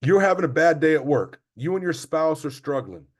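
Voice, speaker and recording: A man's voice: a little high, expressive, moderate pace. A middle-aged man, a basketball coach, giving an emphatic motivational talk to sports parents. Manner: repetitive, emphatic motivational delivery. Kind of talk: parent training presentation.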